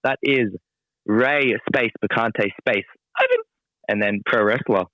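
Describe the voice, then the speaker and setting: Deadpan male wrestler on dull audio. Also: fairly low pitch, unhurried, no room sound. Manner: dry, self-deprecating humor. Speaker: pro wrestler guest. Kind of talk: casual interview chat.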